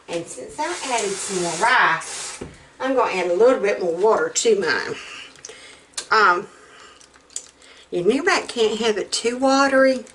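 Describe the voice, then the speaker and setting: A woman's voice: mid-range voice, a bit bright. A middle-aged woman, chatting in a folksy, rambling way while showing a recipe in her home kitchen. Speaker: home cook host. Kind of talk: casual cooking demonstration.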